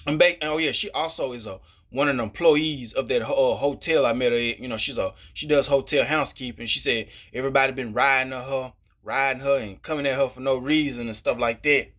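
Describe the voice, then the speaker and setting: A man vents in a loose vlog monologue, swearing freely and circling back on himself with "you know" and stuttered restarts. His voice sits at an ordinary pitch with a bright, forward edge. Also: a little fast, few pauses. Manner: rambling, with constant "you know" fillers and repeated restarts; profane and openly frustrated. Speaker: vlogger. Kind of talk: casual ranting monologue.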